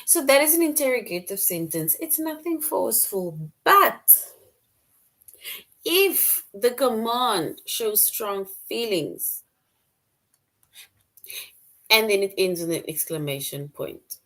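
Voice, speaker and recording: A woman's voice: fairly high pitch, very animated, slow, long pauses, a bit bright. A woman teaching a middle-school grammar lesson, repeating key points and explaining with examples.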